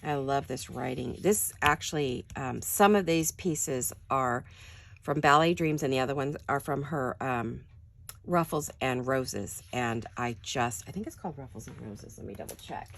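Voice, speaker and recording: An older woman speaks in a deep, raspy, gravelly voice, quiet and friendly, as if it is early morning. She chats casually to her viewers while crafting in her home studio, and a faint hiss sits under the recording. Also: measured pace. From California. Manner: quiet, chatty, addresses viewers directly. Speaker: crafting channel host.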